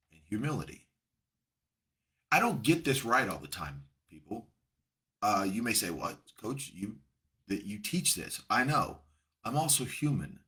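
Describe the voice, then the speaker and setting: A man's voice: lowish voice, pushed and bright, breathy edge. A middle-aged man, a coach, talking earnestly and reflectively to a camera in a casual motivational way. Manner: earnest, reflective, with many restarts. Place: seated in front of a camera.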